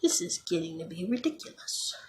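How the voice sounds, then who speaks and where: Her voice sits fairly low and has a darkish tone, and she's very animated, with slight noise in the background. This beauty vlogger talks her way through a nail tutorial on a camera phone, cracking jokes and getting exasperated fast.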